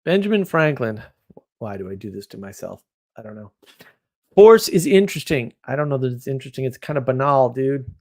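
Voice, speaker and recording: A man's voice: mid-range voice, lively intonation. Rambling, opinionated man on a livestream. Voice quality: rambling, opinionated, quick shifts in loudness. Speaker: livestream host. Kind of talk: casual livestream chat reading viewer comments.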